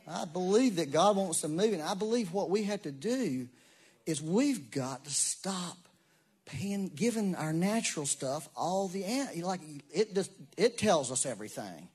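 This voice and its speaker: A man, preaching a sermon in a folksy, animated way with asides and laughs. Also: fairly high pitch, a little slow, slightly rough. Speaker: pastor.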